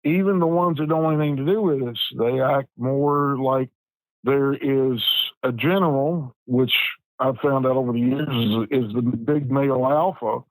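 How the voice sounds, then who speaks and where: A man, telling a personal story as a podcast guest in an unhurried, plain-spoken way with frequent restarts. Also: medium pitch, a little mellow, no room sound, rough recording. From West Virginia. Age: 50s.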